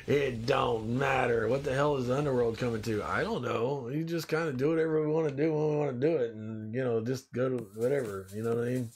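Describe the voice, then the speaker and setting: A man's voice: medium pitch, steady tone, fast talker, few pauses, slight background noise. A man with a stuffy nose hosting a casual live stream, joking and rambling as he reads out viewer comments. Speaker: live-stream host in demon costume.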